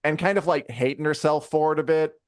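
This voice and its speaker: A man co-hosting a live review show in casual chat, rambling and animated, with many fillers and acted-out quotes. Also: a little high, a little fast, smooth, no echo, studio quality. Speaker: podcast co-host reviewing a TV episode.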